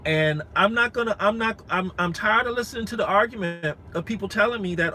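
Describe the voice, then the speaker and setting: A man's voice: high voice, brisk, hardly any pauses, bright, forceful tone, poor audio. A man in his forties chatting frankly and earnestly with live-stream viewers from inside a rented SUV, repeating himself and restarting often. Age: 40s. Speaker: rideshare driver vlogger.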